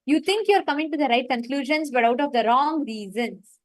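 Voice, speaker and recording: A woman's voice: high voice, animated, brisk, dry recording, poor audio. A woman facilitating a live online meditation session, retelling a story and stressing her points.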